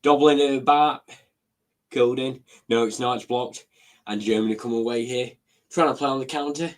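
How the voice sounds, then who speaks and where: Male guest co-commentator, excitable, quick match calls, casual chat. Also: medium pitch.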